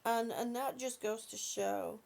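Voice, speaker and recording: Gentle lady on a live stream, kinda high voice, crackly, calls everyone honey. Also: steady tone, creaky, faint music behind. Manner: soft, affectionate, calls viewers honey and sweetie; halting, with frequent repeated words. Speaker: livestream host reading viewer comments. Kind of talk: slow casual live chat.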